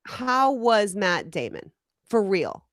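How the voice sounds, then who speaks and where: A woman's voice: mid-range voice, very animated, slow pace, fairly bright tone, no room sound, clean studio sound. A woman co-hosting a casual podcast, curious and teasing in a conversational way. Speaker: podcast co-host. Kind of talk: casual sports podcast chat.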